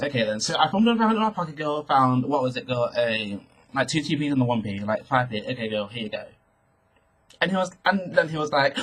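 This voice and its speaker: Sassy young man, husky voice. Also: a little high, fast, low-quality recording. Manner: sassy and animated, keeps saying girl. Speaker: vlogger. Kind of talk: storytime rant to camera.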